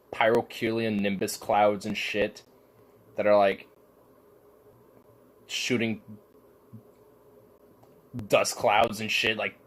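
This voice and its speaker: A man with a somewhat low voice rants casually, rambling from point to point. He swears freely and fills every pause with "like". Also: a bit bright. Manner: profane, rambling, heavy use of filler "like". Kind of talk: casual rant.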